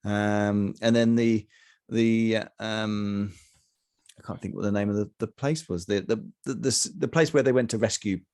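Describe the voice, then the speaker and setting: A middle-aged man co-hosting a casual review chat, talking in halting bursts with many fillers and restarts. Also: lowish voice, steady tone, a little mellow, clean tone. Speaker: podcast co-host.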